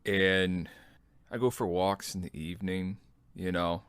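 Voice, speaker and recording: A man in his thirties, an army veteran, telling his own story as a podcast host in a relaxed, self-deprecating way. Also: low voice, unhurried, smooth, no room sound. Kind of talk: personal memoir storytelling.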